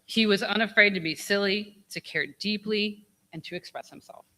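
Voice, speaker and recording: A woman's voice: mid-range voice, normal speed, pushed and bright. A woman giving a memorial speech, telling funny stories, laughing often and swearing candidly. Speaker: eulogy speaker. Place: memorial gathering.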